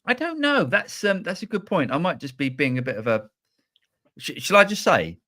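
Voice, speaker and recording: A man's voice: mid-range voice, big pitch swings, normal speed, bright, forceful tone. A man co-hosting a live show, talking in a rambling way with many restarts. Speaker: co-host. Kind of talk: casual live show chat.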